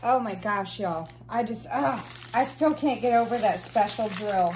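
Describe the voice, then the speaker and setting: A woman, chatting casually and gushing excitedly while unboxing craft supplies and reading out numbers. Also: mid-range voice, a little slow, hardly any pauses. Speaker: craft vlogger.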